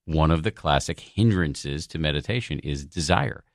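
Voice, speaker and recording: A man's voice: a bass voice, expressive, normal speed, gravelly, dry recording, clean studio sound. A man guesting on a podcast, telling a personal story in a candid, self-deprecating way with the odd swear word. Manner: frank and profane, self-deprecating.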